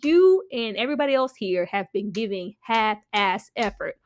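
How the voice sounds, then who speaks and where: Animated woman reacting in a casual review. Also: medium pitch, moderate pace, slight background noise. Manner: animated, slangy, laughs often, swears freely. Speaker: TV episode reviewer.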